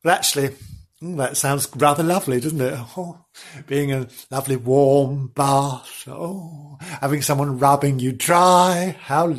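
A man's voice: a little high, a little slow. A man reading a comic animal story aloud, breaking off into playful, giggly asides to the listener.

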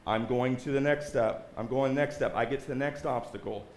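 A man's voice: mid-range voice, normal speed, reverberant. A man giving an earnest church testimony to a congregation, often checking in with "right?". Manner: earnest, keeps asking "right?". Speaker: guest speaker giving a testimony. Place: church sanctuary.

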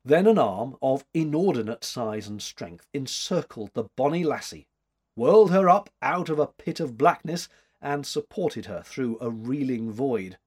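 A man reads an old-fashioned story aloud at an unhurried pace. His voice is husky, and his pitch rises and falls in a lively way. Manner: measured, expressive reading. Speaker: audiobook narrator.

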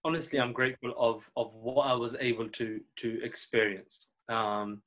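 A relaxed man in an easygoing interview, reflecting on his playing days at an even, middle pitch. He talks things through at his own pace and slips into the voices of people he is quoting. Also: normal speed. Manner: relaxed, reflective, acts out quoted dialogue. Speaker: former cricketer and coach. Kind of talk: casual interview storytelling.

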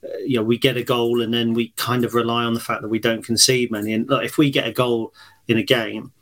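A man's voice: mid-range voice, flat delivery, quick pace, a bit bright. A man co-hosting a football podcast, blunt and contrarian in a sarcastic way. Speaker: podcast co-host. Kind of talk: casual chat.

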